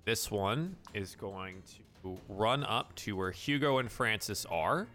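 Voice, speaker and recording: A man's voice: on the low side, expressive, slow, pushed and bright, soft background music. A man running a tabletop game as game master, narrating in an easygoing way.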